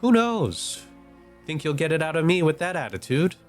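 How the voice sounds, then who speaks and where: A man voicing a guarded, sharp-tongued young woman in a game. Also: fairly high pitch, big pitch swings, normal speed, faint music behind. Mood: defiant.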